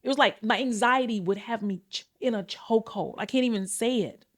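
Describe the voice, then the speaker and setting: A woman hosting her own podcast, talking casually and candidly to her listeners, swearing freely and calling them y'all. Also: a little fast. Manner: animated, pitch and pace swing widely. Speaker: podcast host. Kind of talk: casual confessional talk.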